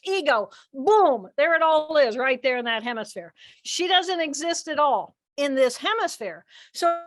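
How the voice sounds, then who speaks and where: High-voiced older woman, animated teacher. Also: normal speed. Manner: expressive, acts out inner voices with dramatic shifts. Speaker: guest speaker, neuroanatomist. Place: outdoors by water.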